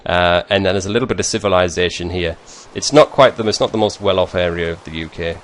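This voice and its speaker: This northeast England vlogger has a low voice with a northern English accent and talks fast, chatting casually with his viewers during a screen share. He rambles, often corrects himself mid-sentence and drops chuckling asides, with slight background noise behind him.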